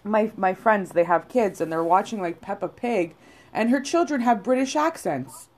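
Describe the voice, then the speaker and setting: A woman's voice: medium pitch, expressive, normal speed. A woman, co-hosting a casual podcast and talking bluntly, often profanely, with lots of "like" and "you know". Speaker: podcast co-host. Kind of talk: casual chat.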